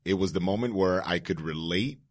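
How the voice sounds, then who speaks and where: A young man with a very deep, low-pitched voice, chatting casually on a podcast as a fitness coach. He is laid-back and peppers his talk with fillers and casual swearing. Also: fairly quick.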